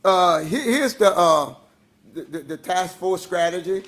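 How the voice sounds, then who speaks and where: A man from Louisiana, hoarse and losing his voice, making an urgent, emphatic public comment at a school board meeting while rushing against a time limit. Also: high voice, lively intonation, fairly bright tone.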